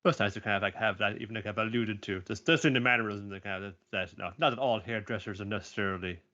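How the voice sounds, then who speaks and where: A man's voice: fairly low pitch, steady tone, racing, pushed and bright. A man co-hosting a podcast, rambling as he retells scenes in put-on voices. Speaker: podcast co-host. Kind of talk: casual chat about anime. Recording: dull lo-fi sound.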